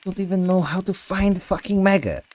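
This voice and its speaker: A man voicing an anxious, incredulous young man in a storybook reading, his voice pushed high and exasperated. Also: moderate pace, darkish tone, natural voice.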